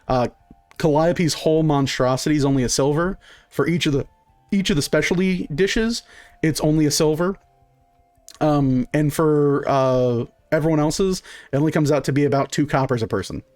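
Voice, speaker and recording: A man's voice: a little high, moderate pace, a little mellow, soft background music. A man narrating as game master in a loose, laughing way, with many fillers.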